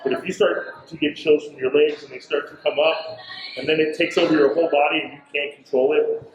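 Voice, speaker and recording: A man's voice: fairly high pitch, fairly quick, echoey room, highs cut off, a little hiss or hum. A man, a hotel manager, telling a ghost story in casual chat, acting out what people said and saying bro and dude. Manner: animated, acts out quotes, says bro and dude.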